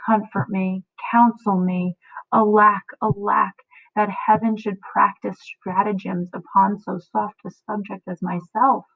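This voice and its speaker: A woman's voice: medium pitch, flat delivery, a little slow, gravelly, no echo. A woman voicing a desperate young noblewoman, pleading and anguished. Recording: tinny phone-like audio.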